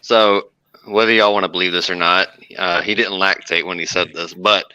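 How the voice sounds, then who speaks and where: A man's voice: low voice, fairly even intonation, moderate pace, pushed and bright, clean tone, poor audio. A man telling a long story on a casual podcast, rambling with lots of fillers and restarts. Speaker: podcast co-host.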